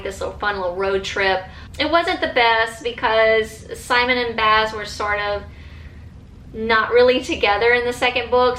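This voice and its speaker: Woman vlogger, casual and gushing, bright tone, roomy echo. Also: fairly high pitch, a little hiss or hum. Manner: enthusiastic, chatty, many fillers and restarts. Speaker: book vlogger. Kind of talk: casual chat.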